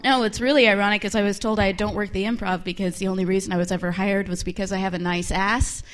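A young woman performing a bawdy, animated stand-up comedy set. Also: mid-range voice, fast talker.

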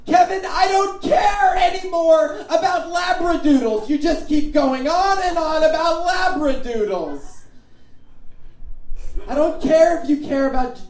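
A man voicing himself shrieking frantically in his sleep, in high-pitched, drawn-out yells. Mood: furious. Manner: shrill, frantic shouting. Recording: roomy, distant, faint ambience.

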